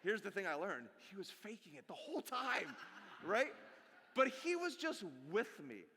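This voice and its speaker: Lively, bright-voiced man preaching in a hall. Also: sits high, moderate pace, slight background noise. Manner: animated, jokey, talks straight to the congregation. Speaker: pastor. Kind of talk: sermon. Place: church sanctuary. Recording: long hall reverb.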